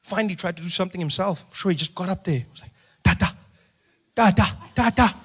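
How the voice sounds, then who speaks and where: A South African man in his thirties doing stand-up, telling a story with an animated, repetitive rhythm. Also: sits high, rapid-fire, husky. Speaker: stand-up comedian.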